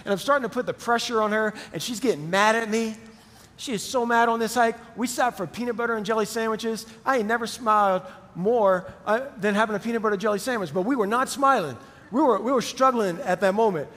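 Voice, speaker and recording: A middle-aged man preaching a sermon, telling a personal story in a conversational, animated way. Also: high voice, brisk. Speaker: pastor. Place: church auditorium. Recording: long hall reverb.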